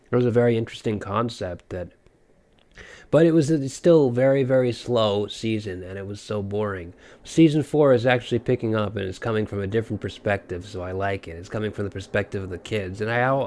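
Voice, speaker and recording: Young man, nasal and stuffy from a cold, rambling solo podcast talk, lowish voice, self-doubting. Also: darkish tone. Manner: rambling, self-doubting, many fillers and restarts. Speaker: podcast host.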